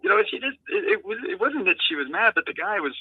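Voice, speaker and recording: A man's voice: high voice, big pitch swings, husky, no echo. Earnest man on a tinny phone line. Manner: earnest, halting, heartfelt. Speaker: guest, founder of an adaptive lacrosse program. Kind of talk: interview storytelling. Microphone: remote call-in.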